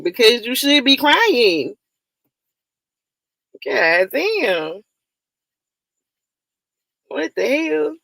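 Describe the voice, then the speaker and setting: A woman with a gravelly, fry-tinged voice chats loosely on her livestream, calling out viewers by name. She laughs often and swears freely. The sound is close and dry, with no room echo. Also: fairly high pitch, sing-song, very slow, long pauses, a bit bright. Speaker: livestream host. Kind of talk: casual livestream chat.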